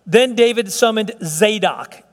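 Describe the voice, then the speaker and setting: A man's voice: high voice, a little slow, big-room sound. A middle-aged man preaching a sermon in church, conversational and playful, with frequent restarts and humorous asides. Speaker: pastor.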